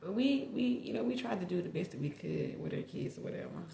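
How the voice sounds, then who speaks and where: A woman's voice: on the low side, expressive, fast talker, vocal fry, dark tone, a little hiss or hum. A middle-aged woman, candidly telling a personal family story with lots of "like" and restarts. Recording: echoey room.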